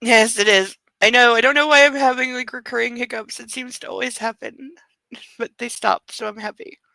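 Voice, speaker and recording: A woman's voice: a little high, fairly even intonation, moderate pace, vocal fry, bright, forceful tone, no room sound, poor audio. A woman hosting a podcast who reads a book aloud and breaks off for wry, sarcastic commentary, recorded on a close home mic. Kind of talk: comedic reading with commentary.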